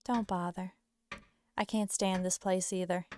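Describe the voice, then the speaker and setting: A woman's voice: on the low side, flat delivery, measured pace, darkish tone, a little hiss or hum, close to an everyday voice. A woman voicing a tough, guarded farm wife from the South in a put-on Southern accent. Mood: curt. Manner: curt and defensive.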